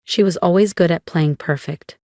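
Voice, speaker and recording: Cool, measured woman storyteller. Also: lowish voice, warm tone, no room sound, studio quality. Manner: measured, cool, dramatic pauses. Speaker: narrator. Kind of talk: scripted first-person story narration.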